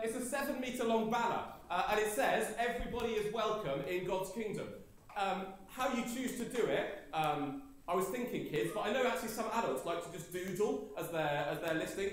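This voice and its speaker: A man leading a morning church service, joking with the congregation in a playful, chatty way with many fillers. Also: high voice. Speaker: preacher. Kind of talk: lively church service talk. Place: large church hall with congregation. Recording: echoey church hall with congregation.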